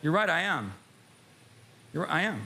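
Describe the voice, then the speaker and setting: High-voiced emphatic preaching pastor. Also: male voice, very animated, measured pace, pushed and bright. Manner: emphatic, rhetorical questions to the congregation. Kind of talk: sermon. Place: church sanctuary with a live congregation.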